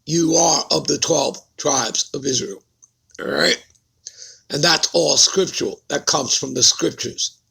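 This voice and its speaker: A man's voice: on the high side, a little slow, gravelly, bright, forceful tone, breathy edge. A man preaching a Bible-study sermon who keeps putting rhetorical questions to his listeners and checking in with them.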